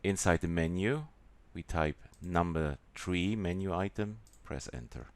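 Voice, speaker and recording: A man with a German accent walking through a software tutorial in a halting way, with many pauses and fillers. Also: low voice. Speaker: software demonstrator.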